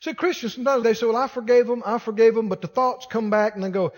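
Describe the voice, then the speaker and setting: A man's voice: very high voice, brisk, few pauses, darkish tone, in a large hall. A male pastor preaching a sermon, acting out the voices of the people he quotes.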